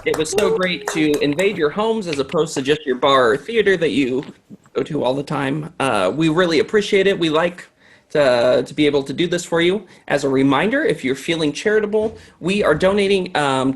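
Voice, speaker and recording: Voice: medium pitch, lively intonation, fairly quick. An improv show host joking loosely through a livestream sign-off from home, rambling a little between thanks. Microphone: home mic on a video call.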